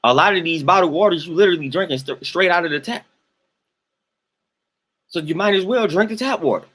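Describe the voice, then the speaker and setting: A young man on a live stream, ranting in an exasperated, emphatic way. His voice sits a little high for a man, and he hammers his points by repeating them. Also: a little fast, fairly bright tone. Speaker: host ranting to live chat.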